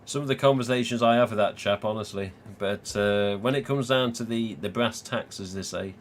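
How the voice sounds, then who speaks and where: A man's voice: lowish voice, moderate pace, slight background noise. A man from England hosting a live stream, chatting casually, swearing freely and laughing often. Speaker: livestream host.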